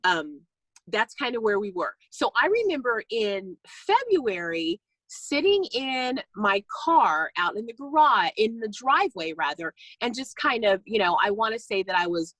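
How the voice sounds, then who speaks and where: A woman's voice: fairly high pitch, unhurried, dry recording, poor audio. Chatty woman telling a story, dry sound. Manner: chatty, animated, acts out voices in anecdotes. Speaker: guest speaker on a team call. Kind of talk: personal testimony, casual storytelling. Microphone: call recording.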